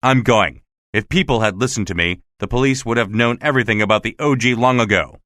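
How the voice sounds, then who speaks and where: A man voicing an agitated, indignant male theater official recounting his rough treatment, in a storybook reading. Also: mid-range voice, a little fast, no room sound, clean studio sound, natural voice. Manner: indignant, excited.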